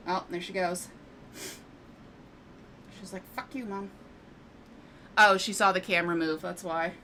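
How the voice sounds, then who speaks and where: Modding a game at home, this female streamer chats loosely with her audience and addresses her cats in a teasing sing-song, alternately cooing and scolding. Her voice runs on the low side, bright and forceful, holding a steady tone at a moderate pace over slight background noise.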